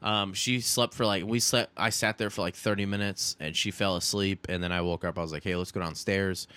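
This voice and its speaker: A young adult man co-hosts a casual podcast and tells a story with animated energy, swearing freely. His voice is bright and forceful, sitting a little low, recorded close and dry. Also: fairly quick, smooth, no echo. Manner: animated, swears often, says "dude". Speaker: podcast co-host.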